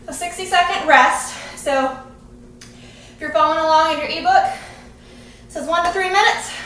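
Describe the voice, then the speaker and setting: Breathless, high-voiced woman fitness coach. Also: sharp tone, slight background noise. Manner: encouraging, coaching while exercising. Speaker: fitness instructor. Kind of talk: live workout coaching. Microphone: camera at a distance. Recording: very echoey room, camera at a distance.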